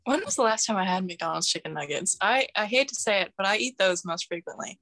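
A woman's voice: medium pitch, lively intonation, a little fast, fairly bright tone, no room sound. A young woman, a podcast guest, chatting casually and giggling while speaking into her phone. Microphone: phone held up to her face.

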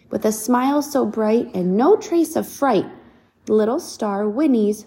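A woman reading a picture book aloud to a child, pausing to ask questions about the pictures. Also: fairly high pitch, vocal fry. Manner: animated, asks the child questions. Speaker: reader to a child.

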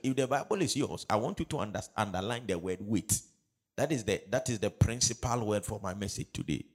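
A man's voice: lowish voice, a little fast. Male pastor, call-and-response preaching. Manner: call-and-response, repeating phrases, building to loud emphatic preaching. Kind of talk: sermon.

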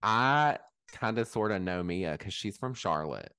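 Low-voiced sassy man, dry sound. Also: lively intonation, measured pace, sharp tone, clear, resonant tone, dry recording. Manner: chatty, sassy, swears. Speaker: podcast guest. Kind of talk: casual gossip chat.

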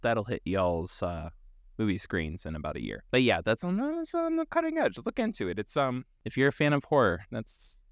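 A man's voice: lowish voice, big pitch swings, normal speed, no echo, studio quality. A man co-hosting a podcast, talking in a casual, profane, jokey way. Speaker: podcast co-host. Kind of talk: casual chat.

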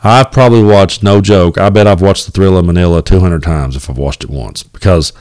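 Low-voiced East Tennessee podcast host. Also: male voice, fairly quick, a little mellow, dry recording. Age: 40s. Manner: rambling and folksy, with many fillers and cussing. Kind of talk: casual solo podcast monologue. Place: home, at his kitchen table. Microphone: home recording setup.

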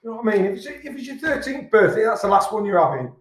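A middle-aged Englishman hosts a casual chat show, ranting bluntly and swearing often. His voice sits fairly high for a man. The room is echoey. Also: expressive, quick pace. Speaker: podcast host. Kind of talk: casual pub-style chat.

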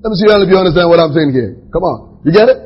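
A male pastor preaching a sermon, animated, laughing and raising his voice to shout at times. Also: on the high side, quick pace, husky. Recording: dull lo-fi recording.

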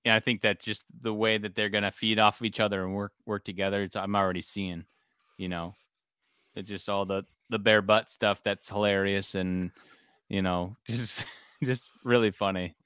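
A man's voice: lowish voice, level tone, normal speed, fairly bright tone, clear, resonant tone, no room sound, studio quality. A man in his thirties co-hosting a podcast, telling family stories in casual chat and laughing often. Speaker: podcast co-host.

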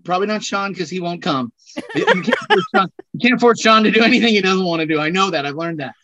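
A man's voice: high voice, animated, fast talker, background noise. A man chatting as a podcast guest, rambling and joking, laughing at himself. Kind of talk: casual chat.

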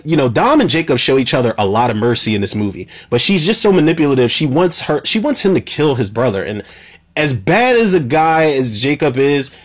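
A man recapping a movie in a casual, profane, exasperated rant, getting worked up as he goes. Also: medium pitch. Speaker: movie reviewer.

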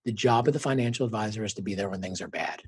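Husky middle-aged man, earnest and reflective. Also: on the low side, very fast. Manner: earnest, reflective, animated when quoting others. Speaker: guest. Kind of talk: conversational interview storytelling.

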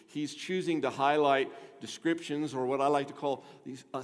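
An older man preaching a sermon as pastor, conversational and rising to emphatic points with rhetorical asides to the congregation. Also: mid-range voice. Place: church sanctuary. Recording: long hall reverb.

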